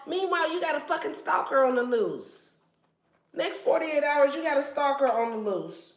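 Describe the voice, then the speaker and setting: A woman's voice: high voice, animated, moderate pace. A woman giving a casual tarot reading in a blunt, slangy way and swearing freely. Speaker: tarot reader. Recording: echoey room.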